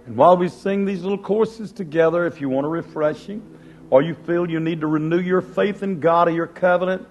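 A man's voice: a little high, a little fast, darkish tone, muffled recording, slight background noise. A man preaching a sermon in a fervent cadence, building phrases by repetition.

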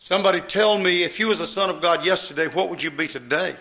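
Man, preacher, sermon, folksy, emphatic, repetitive phrasing, bright forceful voice. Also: fairly high pitch, a little fast.

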